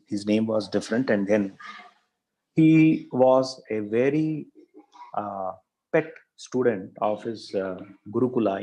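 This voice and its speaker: A man's voice: lowish voice, a little mellow, poor audio. A male professor telling a story in a lecture, with many fillers and repeated words. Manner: frequent fillers, repeats words, thinks aloud.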